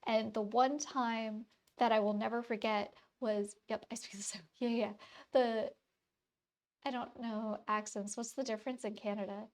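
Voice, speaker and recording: A woman's voice: on the high side, steady tone, normal speed. A woman in her thirties with a faint Wisconsin accent, chatting casually with her stream audience while drawing, rambling with lots of fillers. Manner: rambling, many fillers and restarts.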